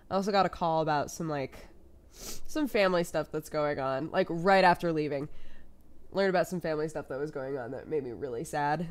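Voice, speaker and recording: A young woman vlogging casually, telling everyday stories and acting out what people said. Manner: animated, acts out quoted voices with big pitch jumps and laughs. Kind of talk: casual storytelling to camera.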